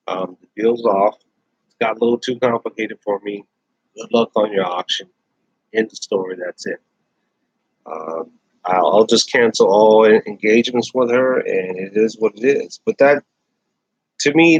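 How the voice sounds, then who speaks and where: Blunt ranting man with husky voice. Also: mid-range voice, dry recording. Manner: blunt, repeats himself, restarts phrases. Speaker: host. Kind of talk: casual rant to camera. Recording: dull lo-fi dry sound.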